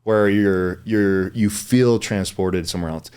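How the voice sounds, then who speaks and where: An easygoing male podcast host with a low, deep voice. He chats casually and keeps chiming in with short agreement while his guest talks. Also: fairly even intonation, a little slow, a little mellow, smooth. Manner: easygoing, with frequent agreeing backchannels. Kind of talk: casual chat.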